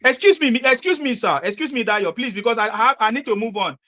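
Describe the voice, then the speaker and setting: A woman, running a street interview. Her voice is high and bright, and she talks fast. She lectures the person in front of her and repeats herself for emphasis. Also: lively intonation. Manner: lecturing, repetitive, forceful.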